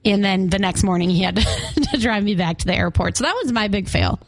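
A woman's voice: mid-range voice, fairly quick, dry recording. A young woman co-hosting a morning radio show, chatty and laughing often as she talks about concerts and travel. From Arizona. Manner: chatty, laughs often, country music fan.

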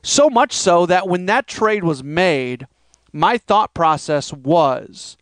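High, smooth-voiced man hosting a podcast. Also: animated, slow, no echo. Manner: rambling, conversational, mimics critics' voices. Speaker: podcast host. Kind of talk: solo sports podcast monologue.

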